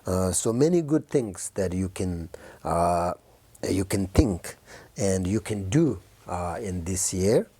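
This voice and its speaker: A man speaks as a Buddhist teacher in a very low, mellow voice, offering gentle New Year encouragement to his students. He talks slowly, pausing often with soft fillers. The sound is dry and close. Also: expressive, husky, no room sound. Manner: halting, many fillers and pauses.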